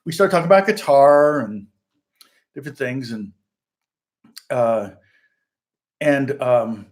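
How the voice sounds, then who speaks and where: A man's voice: mid-range voice, slow pace. A middle-aged man, a musician and channel host, telling a long story in casual, rambling fashion, interrupting himself and laughing often.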